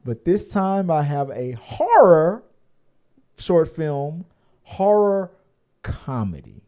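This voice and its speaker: A man's voice: fairly high pitch, big pitch swings, slow pace, warm tone. A man co-hosting a casual podcast, rambling with many fillers and restarts and the odd curse. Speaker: podcast co-host. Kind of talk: casual chat.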